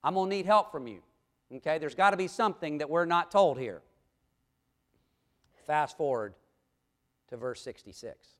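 Animated preaching man. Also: fairly high pitch, normal speed, pauses often. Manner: preaching with questions to the congregation, reading scripture aloud. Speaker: pastor. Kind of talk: sermon.

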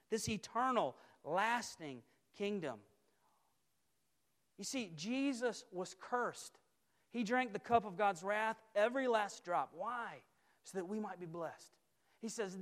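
A man preaching a sermon as a campus minister. He speaks emphatically, building repeated phrases and dropping to quiet intensity. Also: high voice, expressive, unhurried. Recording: long hall reverb.

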